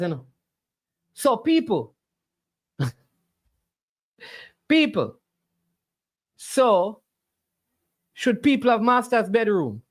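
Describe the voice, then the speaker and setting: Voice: medium pitch, sing-song, very slow, pauses often, fairly bright tone. A livestream host, arguing back at the chat with preachy rhetorical questions. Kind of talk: casual argumentative livestream talk.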